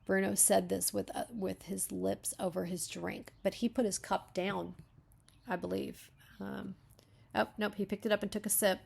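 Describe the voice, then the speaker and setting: A woman's voice: medium pitch, level tone, moderate pace, creaky, a little mellow, a little hiss or hum. A woman reading a story aloud as a beta reader, breaking off to comment on the writing.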